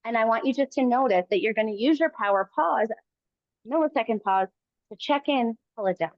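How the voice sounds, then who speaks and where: A woman coaching a kettlebell workout live, giving calm encouraging cues in short phrases. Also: fairly high pitch, fast talker, no room sound, lo-fi sound. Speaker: fitness coach.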